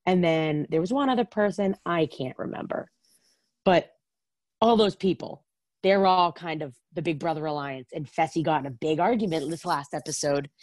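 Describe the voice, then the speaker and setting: A woman chatting casually about reality TV, full of "like" and quick asides. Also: low voice, a little mellow, no echo. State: has the hiccups.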